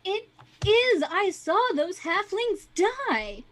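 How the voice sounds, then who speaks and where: A woman's voice: very high voice, very animated, slow pace, a bit bright, pitched above the performer's own voice, full character voice. A woman voicing a flustered, rambling female townsperson who witnessed an attack, in a tabletop game. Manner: flustered, repetitive, dramatic.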